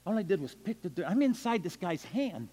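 An older man, a missionary evangelist, telling stories in a sermon. He swings animatedly between loud bursts and hushed, quiet stretches. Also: sits high, very animated, fairly quick. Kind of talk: storytelling sermon. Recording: long hall reverb.

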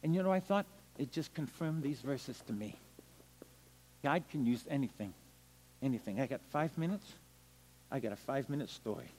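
An older man, a missionary evangelist, telling stories in a sermon. He swings animatedly between loud bursts and hushed, quiet stretches. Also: a little high, animated, a little fast, slight background noise. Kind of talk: storytelling sermon. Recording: long hall reverb.

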